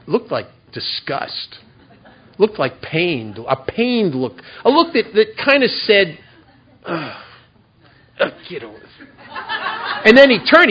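A man's voice: a little high, husky, lo-fi sound. A man telling a candid, confessional story about his recovery to a meeting, with self-mocking humor. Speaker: recovery speaker.

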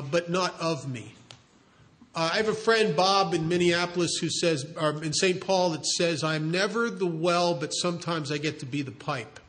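A middle-aged man earnestly telling a story about guiding someone through recovery, halting and restarting as he talks. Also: sits high, fairly bright tone. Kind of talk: storytelling talk.

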